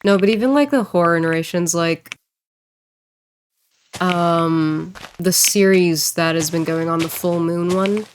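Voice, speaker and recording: A woman streamer and voice actor chatting casually while she plays, rambling and joking and quick to laugh. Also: lowish voice, slight background noise. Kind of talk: casual livestream chat while gaming.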